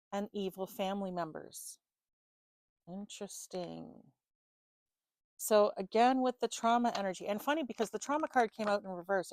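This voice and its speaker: A woman's voice: on the low side, no room sound. A woman giving a loose, chatty tarot reading to the viewer, full of fillers and casual swearing. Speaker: tarot reader.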